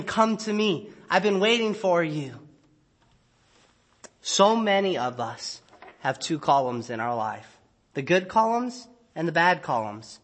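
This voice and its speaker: A man preaching a sermon in a church, talking to the congregation in a conversational way, acting out frustrated everyday asides and dropping low and quiet to stress key points. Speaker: pastor. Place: church sanctuary.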